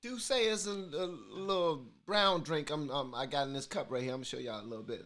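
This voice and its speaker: A man's voice: sits high, big pitch swings, a little fast, hardly any pauses, fairly bright tone. A man hosting a casual reaction video, talking in slang straight to his viewers.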